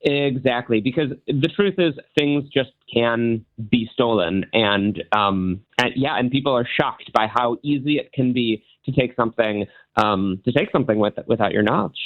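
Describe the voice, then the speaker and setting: A man's voice: mid-range voice, moderate pace, few pauses, no room sound. A man appearing as a guest magician on a radio show, explaining things earnestly. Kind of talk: interview over the phone. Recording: tinny phone line.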